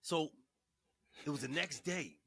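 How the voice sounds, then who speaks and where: A man's voice: a little high, a little slow, gravelly, breathy edge. A man co-hosting a podcast in casual banter, laughing often and telling stories with energy. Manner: laughs often, lively storytelling. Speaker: podcast co-host.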